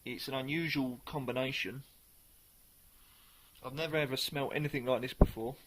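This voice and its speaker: A man reviewing a beer in a casual, chatty way, sometimes pausing to search for the right words. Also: medium pitch, steady tone, background noise.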